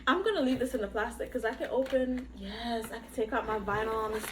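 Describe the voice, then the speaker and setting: A woman's voice: a little high, quick pace, noisy background. A woman vlogging an unboxing at home, chatting casually to camera and exclaiming often. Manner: excitable, gushing, exclaims often. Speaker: podcast host doing an unboxing. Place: bedroom workstation at home.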